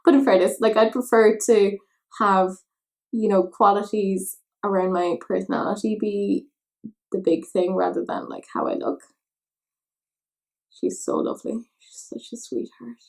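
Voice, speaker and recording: This makeup vlogger, a young Irish woman, talks while applying her makeup in a steady, mid-range voice with vocal fry and a measured pace. She's chatty, teases herself, and rambles off on tangents.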